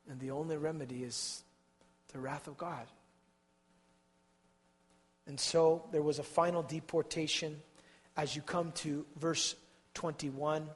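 A man preaching a sermon with passion, swinging from hushed tones to loud outbursts and repeating words as he builds. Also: on the high side. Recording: long hall reverb.

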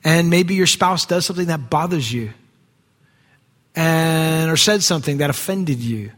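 A male pastor preaching a sermon in a church, conversational, swinging from quiet asides to raised emphasis. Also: on the high side, lively intonation, measured pace. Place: church sanctuary. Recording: long hall reverb.

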